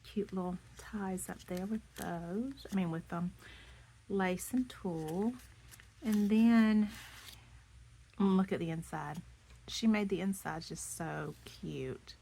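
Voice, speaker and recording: A woman, hoarse from losing her voice, chatting casually as she shows off handmade craft pieces, gushing and often dropping into soft half-whispers. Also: on the low side. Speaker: craft vlogger. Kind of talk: casual show-and-tell chat.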